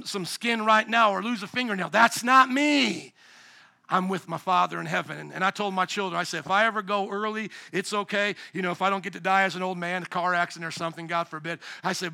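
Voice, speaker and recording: A middle-aged man preaching a sermon in church, animated and shouting at the high points. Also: gravelly. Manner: animated, shouting at peaks, acts out voices. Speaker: pastor. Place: church sanctuary.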